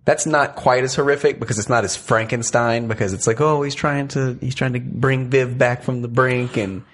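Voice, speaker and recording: A man co-hosting a comic book podcast, jokey and quick to chime in during casual chat. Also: medium pitch, steady tone. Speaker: podcast co-host.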